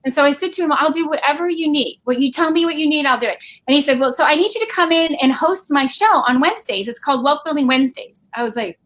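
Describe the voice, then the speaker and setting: A woman guest telling a lively personal story on a video call, acting out quoted voices. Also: sits high, fast, few pauses. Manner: animated, acts out quoted voices. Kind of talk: storytelling in casual chat.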